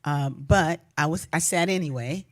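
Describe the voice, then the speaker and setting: A woman hosting a livestream who sings spiritual songs and then tells reflective stories in a casual way. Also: low-pitched. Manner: slow, reflective, drawn-out phrasing. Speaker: singer and livestream host. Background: instrumental music.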